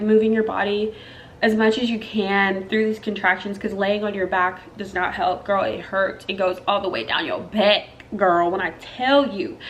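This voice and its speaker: Speaking to camera with a mid-range, somewhat bright voice over slight background noise, a young woman shares her own story. She talks directly to her audience in a chatty, emotional way, using "girl" and "y'all."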